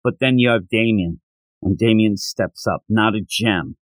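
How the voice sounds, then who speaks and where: A middle-aged man co-hosting a podcast, recapping a manga chapter in casual chat, animated and dropping into silly voices when quoting characters. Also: on the low side, measured pace, dry recording. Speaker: podcast co-host.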